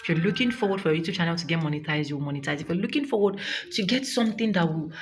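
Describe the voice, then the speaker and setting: A woman's voice: fairly low pitch, lively intonation, rapid-fire, a little hiss or hum. A young Nigerian woman vlogging a fervent, preachy testimony of thanks, close to tears. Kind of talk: emotional testimony vlog.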